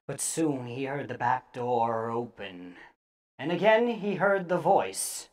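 A woman's voice: extremely low pitch, lively intonation, slow pace. Theatrical woman reading scary stories. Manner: theatrical, hushed dips and sudden loud bursts. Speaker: storyteller. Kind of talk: dramatic scary story reading.

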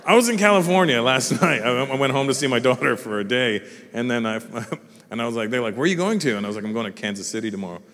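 A man doing a stand-up routine, telling a story with swearing and acting out other people in squeaky voices. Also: fast, fairly bright tone. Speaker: stand-up comedian. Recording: live theatre with long reverb.

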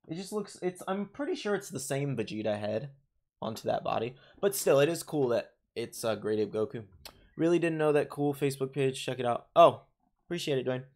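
A young man hosting a livestream, chatting casually and rambling through viewer comments with lots of fillers and restarts, his voice a little worn from talking. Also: medium pitch. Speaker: livestream host. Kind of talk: casual live chat reading viewer comments.

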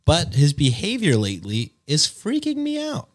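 Lively man reading aloud. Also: fairly high pitch, moderate pace. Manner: reads with laughs and jokey asides. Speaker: co-host reading a post aloud. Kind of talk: casual reading and reacting.

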